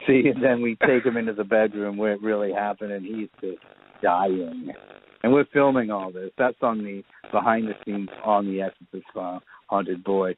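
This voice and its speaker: Guy with a lowish voice rambling thru a story, tinny phone line. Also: steady tone, moderate pace, a little hiss or hum. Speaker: filmmaker guest. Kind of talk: casual storytelling interview.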